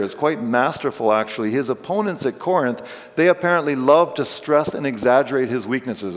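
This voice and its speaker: Male pastor, mid-range voice, plain relaxed sermon delivery, church reverb. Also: mid-range voice. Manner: conversational, explains scripture with casual asides. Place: church sanctuary.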